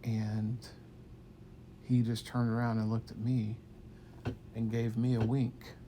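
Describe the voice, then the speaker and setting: A man telling an improvised bedtime story to a child in an animated, playful way, sometimes dropping to hushed tones. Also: medium pitch, slow pace, noisy background.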